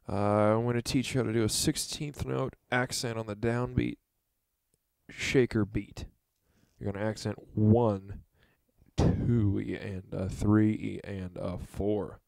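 A man giving a drum lesson, talking in a halting, earnest way and counting out beats as he demonstrates. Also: on the low side, fairly even intonation, gravelly, a little mellow, dry recording. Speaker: drum teacher. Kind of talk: instructional demonstration.

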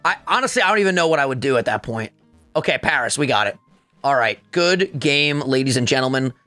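A man giving casual, excitable commentary while playing a video game against a friend, trash-talking as he goes. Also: no echo, faint music behind. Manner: excitable, trash-talking, quick pitch jumps. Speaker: co-host gamer.

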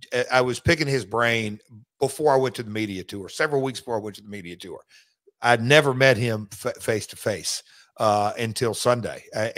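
A man hosting a podcast in casual chat, speaking haltingly and restarting often. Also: medium pitch, a bit bright. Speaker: podcast host, former wrestler.

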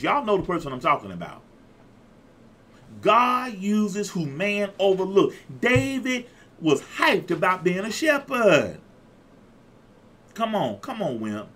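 A man's voice: a little high, bright, forceful tone, a little hiss or hum. A man in his fifties preaching a sermon as pastor, exuberant and repetitive, calling out to his listeners. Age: 50s. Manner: exuberant, call-and-response preaching with repeated phrases.

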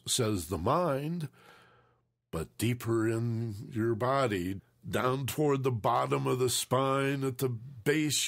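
A man co-hosting a mindfulness talk show, speaking in a thoughtful, reflective way and leaning on phrases for emphasis. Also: mid-range voice. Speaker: co-host.

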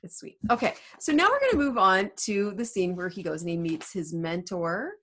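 A woman's voice: medium pitch, animated, moderate pace, a bit bright. A woman English teacher from the United States, chatting casually as she explains a play's scene to her students. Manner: chatty and explanatory, laughs easily. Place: home room. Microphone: desk mic.

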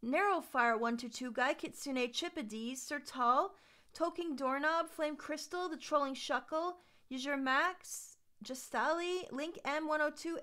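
Very high-voiced woman streamer. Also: a bit bright. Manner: reads out long lists of supporter names, with dramatic outbursts. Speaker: VTuber streamer. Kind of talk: live game stream chat.

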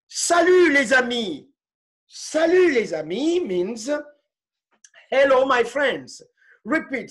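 A woman teaching French in an online class, patient and repetitive, switching between French and English with halting restarts. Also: fairly high pitch, big pitch swings. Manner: slow and patient, repeating phrases, mixing French and English.

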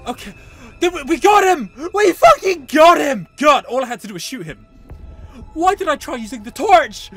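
Shouty high-pitched gamer guy. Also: normal speed, faint music behind. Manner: excitable, shouting, swearing, joking at the game. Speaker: gaming channel host. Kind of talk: let's play commentary.

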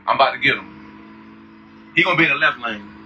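A man's voice: mid-range voice, expressive, normal speed. A man vlogging from a drag strip, boasting and trash-talking his rival and repeating his brags. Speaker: YouTuber, drag racer. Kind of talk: hyped casual vlog talk. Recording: distant, dull lo-fi sound with faint noise.

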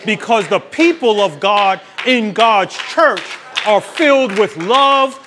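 Man preaching, high voice, animated pitch, slow deliberate pace, emphatic. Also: noisy background. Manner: emphatic, preachy, laughs at his own points. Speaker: pastor. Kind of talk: sermon.

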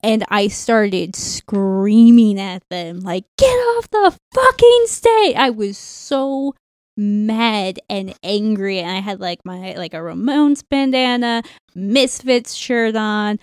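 A woman co-hosting a casual podcast chat, telling a story with animated, profane energy. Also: medium pitch, slow pace, clear, resonant tone, dry recording, clean studio sound. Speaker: podcast co-host.

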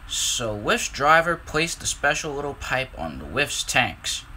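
Man reading a storybook slowly. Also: mid-range voice, slight background noise. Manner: slow, lively, expressive reading. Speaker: narrator.

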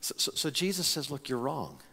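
A male pastor preaching a sermon to his congregation in an animated, conversational way, often restarting his phrases. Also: medium pitch, a little fast, creaky, slightly rough. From United States. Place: church sanctuary. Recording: long hall reverb.

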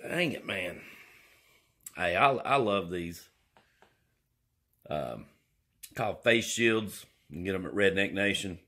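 A man's voice: low voice, animated, takes it slowly, long pauses, sharp tone. A man, rambling and joking his way through an indoor vlog. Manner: rambling, jokey, drawling. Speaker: vlogger.

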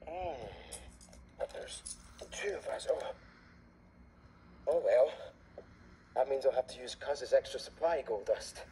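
A man's voice: mid-range voice, measured pace, pauses often, warm tone, a little hiss or hum, close to an everyday voice. A man voicing an easygoing young male conductor in a fan dub, casual, slangy and given to sighs. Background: music.

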